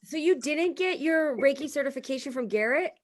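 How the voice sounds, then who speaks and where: A woman in her thirties co-hosting a casual podcast, telling stories in an animated way and acting out what people said. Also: sits high, a little fast. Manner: animated storyteller, acts out quotes. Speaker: podcast co-host. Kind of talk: casual chat.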